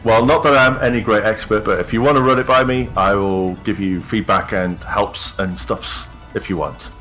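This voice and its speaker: A man's voice: fairly low pitch, steady tone, moderate pace, fairly bright tone, soft background music. A man joining a voice chat from a very echoey room, enthusiastic and jokey, laughing often. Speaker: guest in voice chat. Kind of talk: casual voice chat. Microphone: voice chat over the internet.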